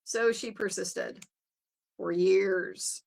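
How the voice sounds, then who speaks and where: A woman's voice: mid-range voice, steady tone, very slow, creaky, a little mellow. A woman recapping a court trial as a commentator, talking in a loose, chatty way with many fillers and restarts. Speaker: legal commentator.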